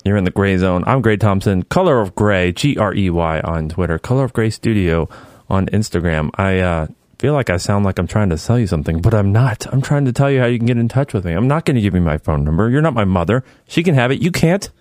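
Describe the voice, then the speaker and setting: Male podcast host, animated pitch, joking and rambling, dry close sound. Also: fast, dry recording. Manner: jokey, rambling, warmly earnest. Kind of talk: casual chat.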